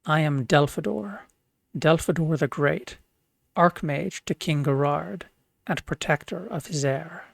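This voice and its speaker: Grand old wizard, slow and stately, dry sound, streamer-voiced. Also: medium pitch, creaky, no echo. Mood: commanding. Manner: grave, stately. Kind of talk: reading game dialogue aloud.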